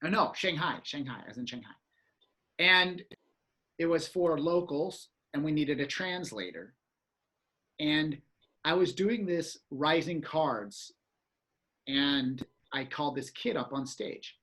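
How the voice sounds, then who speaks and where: Animated man telling a stage story. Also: on the high side, slow pace, pauses often. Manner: animated, acts out reactions with exclamations. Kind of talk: casual storytelling chat.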